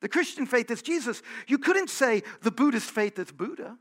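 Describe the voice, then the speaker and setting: A pastor preaching a sermon, earnest and conversational, repeating phrases for emphasis. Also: male voice, very high-pitched, expressive, moderate pace, fairly bright tone.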